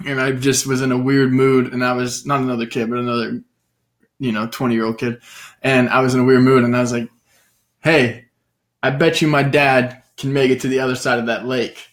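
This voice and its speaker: A man's voice: mid-range voice, level tone, a little fast. A young man in casual chat, loosely telling a dream story, swearing freely and breaking into laughter. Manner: loose and profane, telling stories with bursts of laughter.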